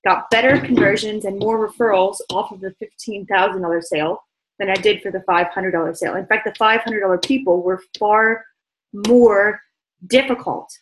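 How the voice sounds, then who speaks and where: A woman sales coach teaching a business training session, brisk and emphatic, repeating her key points. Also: medium pitch, reverberant, poor audio.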